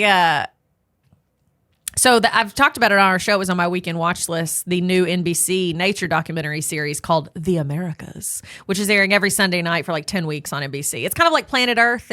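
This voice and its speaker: A young woman co-hosting a podcast in a studio, telling stories in a lively, animated way and slipping into quoted voices. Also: fairly low pitch, fairly quick, no echo. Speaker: podcast co-host. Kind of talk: casual chat. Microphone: studio mic.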